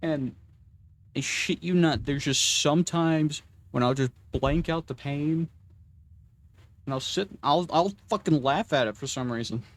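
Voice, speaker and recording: A man's voice: on the high side, a little slow. A young man casually rambling and swearing while playing a game, self-deprecating and often restarting his sentences. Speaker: gaming vlogger.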